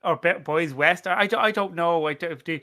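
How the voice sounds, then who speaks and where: An Irish man with a bright, forceful voice pitched a bit high, talking loosely in casual podcast chat. He rambles, swears freely and breaks into laughter at his own awkward stories. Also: fairly quick. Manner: rambling, sweary, laughs often, self-deprecating. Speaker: podcast host.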